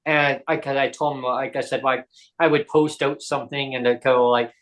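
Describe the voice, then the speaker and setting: A man's voice: mid-range voice, fairly even intonation, moderate pace, a bit bright. A man who is a disability advocate, telling stories in a casual podcast chat and acting out the dialogue he quotes.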